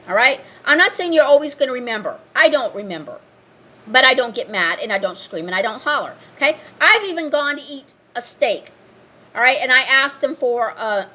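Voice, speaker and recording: A woman's voice: on the high side, bright, forceful tone. Blunt, scolding woman ranting to camera. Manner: blunt and scolding, repeating herself. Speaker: vlogger. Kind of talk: casual rant to camera.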